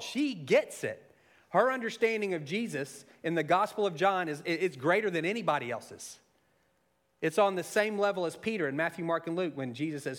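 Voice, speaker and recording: Pastor, male, slightly high voice; expressive sermon delivery that drops quiet then builds emphatic. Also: brisk. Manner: expressive, swings from soft and intimate to raised and emphatic.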